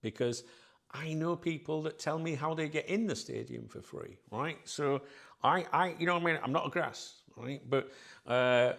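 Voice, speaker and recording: A man's voice: fairly high pitch, normal speed, vocal fry, a bit bright. A man talking casually in an interview, rambling with lots of fillers and "right?" tag questions. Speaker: football club staff member, interview guest.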